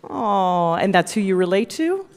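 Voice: mid-range voice, big pitch swings, measured pace, background noise. A host running a casual, playful interview with guests and laughing often. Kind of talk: casual chat show interview.

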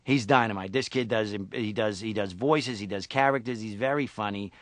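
A man voicing a pushy male talent agent who hypes his client in fast salesman patter. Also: lowish voice, no echo, pitched below the performer's own voice, close to an everyday voice. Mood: hyping.

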